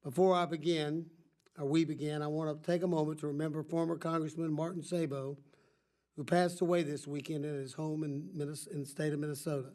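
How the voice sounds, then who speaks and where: An older man, his voice congested from allergies, chairs a formal hearing as subcommittee chairman, giving opening remarks with rambling, self-correcting asides. He speaks briskly, with a fairly high pitch, level tone, and dark timbre.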